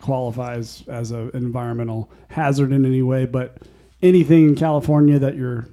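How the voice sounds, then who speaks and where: A man's voice: medium pitch, steady tone, moderate pace, mellow. A man co-hosting a casual beer podcast, joking and laughing as he talks. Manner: jokey, laughs a lot. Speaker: podcast co-host. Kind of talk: casual chat.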